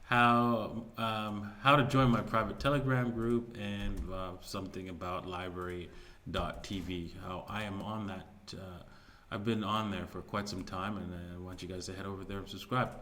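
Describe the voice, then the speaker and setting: A man's voice: low voice, steady tone, normal speed, sharp tone. A man hosting his own video, talking loosely through market news with many fillers and restarts. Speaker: crypto video host. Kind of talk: casual market commentary.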